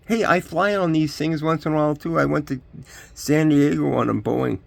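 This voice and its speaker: A man's voice: on the high side, moderate pace, vocal fry, no room sound. An older man, ranting in a rambling vlog monologue full of rhetorical questions. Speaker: vlogger.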